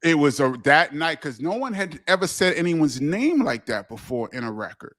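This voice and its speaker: Middle-aged New man, animated interview guest who acts out quotes, a touch high. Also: normal speed. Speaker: guest, DJ and author. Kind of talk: casual storytelling interview.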